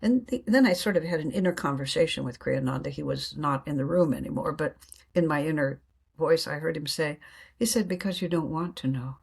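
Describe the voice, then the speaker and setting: Woman guest, low husky voice, reflective spiritual storyteller, quick to laugh. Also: darkish tone. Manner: earnest, laughs often, acts out inner dialogue.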